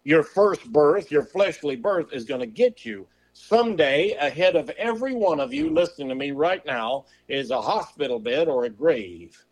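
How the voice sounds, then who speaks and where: A preacher with a fairly high male voice delivers a sermon, pressing his listeners with rhetorical questions. He talks in a folksy manner and drags out the words when he quotes scripture. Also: animated. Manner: slows and drawls on scripture quotes; folksy turns of phrase.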